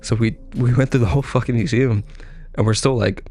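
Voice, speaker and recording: A young man in his twenties telling a rambling, profane story in a casual monologue and jumping into squeaky voices when he quotes people. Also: steady tone, a little fast, a little mellow, soft background music. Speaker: podcast host.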